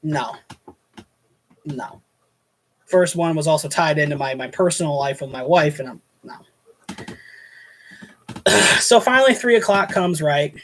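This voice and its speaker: A man's voice: a little high, expressive, normal speed, long pauses, a bit bright, a little hiss or hum. A man hosting a casual show, telling a rambling, exasperated story about a pushy guest at his hotel night-desk job, with many restarts.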